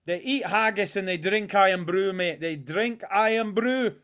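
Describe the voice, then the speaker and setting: A man's voice: high-pitched, unhurried, fairly bright tone. A man voicing a mocking Scottish football man who taunts a player in a put-on Scottish accent. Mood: taunting.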